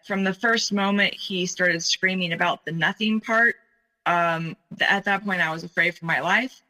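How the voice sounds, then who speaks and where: A middle-aged woman telling her own story in a halting way, with many fillers and pauses. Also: on the low side, pushed and bright, low-quality recording. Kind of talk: personal storytelling.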